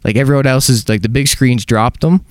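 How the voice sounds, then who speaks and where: A young man co-hosting a comedy podcast, talking in a loose, joking way. His voice sits at a middle pitch. The recording is dry and close, with no room sound. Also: a little fast, no echo. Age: young adult. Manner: joking, does impressions. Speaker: podcast co-host. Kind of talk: casual comedic chat.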